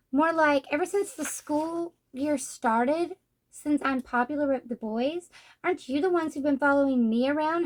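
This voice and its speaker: A blunt, popular teenage girl speaks her mind frankly and scornfully, as a woman reads her lines. The voice sits high and light.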